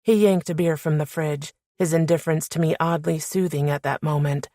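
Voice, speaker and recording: Female audiobook narrator, low voice, dry close mic, first-person romance. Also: fairly even intonation, fairly quick, warm tone, dry recording.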